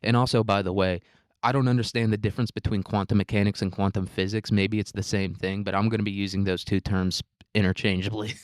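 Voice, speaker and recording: Young male podcast host, low-pitched, dry close sound, profane, rambling and self-mocking. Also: level tone, fast talker, dry recording. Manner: profane, rambling, self-deprecating, says "dude" a lot. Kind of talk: casual solo podcast monologue.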